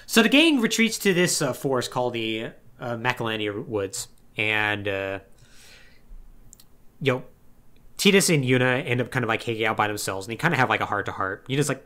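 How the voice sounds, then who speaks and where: A man's voice: mid-range voice, animated, brisk, bright, forceful tone. Wry young man recapping a game plot. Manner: loose and wry, peppered with "like", mimics characters. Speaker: podcast co-host. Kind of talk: casual podcast recap of a game story.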